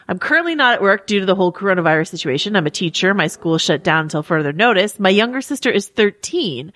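A woman's voice: mid-range voice, fairly bright tone, no echo, studio quality. A woman co-hosting a podcast, casually reading listener emails aloud with easy laughs and frequent fillers. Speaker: podcast co-host.

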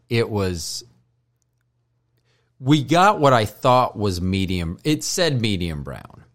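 A low-voiced man hosts his own podcast while high, drifting from joke to joke. He swears freely and keeps apologizing for himself in a loose, self-mocking ramble. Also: very animated, takes it slowly, pauses often. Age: older. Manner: profane, joking, self-deprecating. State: stoned. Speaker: podcast host.

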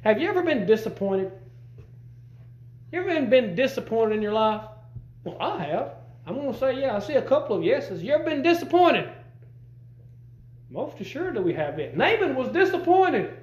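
A man's voice: sits high, very animated, a little fast, a little mellow, roomy sound, dull audio. A man preaching a sermon, folksy and conversational, asking the congregation questions as he goes. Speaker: pastor.

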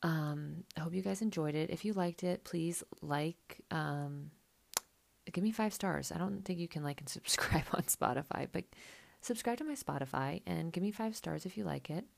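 A woman's voice: deep voice, normal speed, gravelly, darkish tone. A woman hosting a podcast, recapping a reality show in a chatty, sarcastic, casual way. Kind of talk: casual chat.

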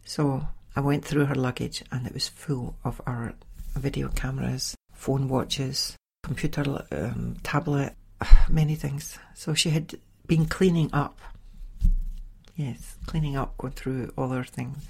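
A middle-aged woman hosting a podcast, telling a personal story in a chatty, animated way. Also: very deep voice, measured pace, vocal fry, slightly rough. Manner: chatty, animated, with sighs and laughs. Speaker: podcast host. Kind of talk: casual storytelling monologue.

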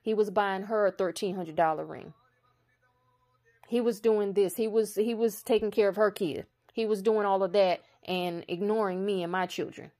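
A woman in a casual spiritual monologue, blunt and profane, speaking slowly and with emphasis, building to a heated intensity. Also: mid-range voice, steady tone, darkish tone. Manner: slow emphatic delivery that builds to raised intensity.

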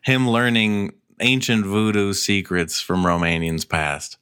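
Male podcast co-host, playful storyteller, bright tone, unhurried. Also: lowish voice, clean tone. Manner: laughs often, playful made-up storytelling. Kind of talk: casual comedic riffing.

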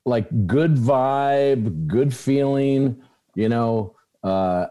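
A man telling stories in a casual podcast chat, animated, swearing freely and restarting his sentences. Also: mid-range voice, extremely slow, clean tone. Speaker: podcast regular. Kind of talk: casual group chat and storytelling.

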